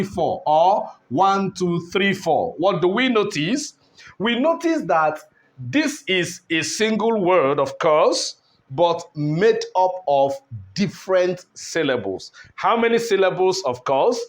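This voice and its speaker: Male English teacher, unhurried board lesson, raised pitch, rhetorical questions. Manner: slow, deliberate, repeats words and asks rhetorical questions.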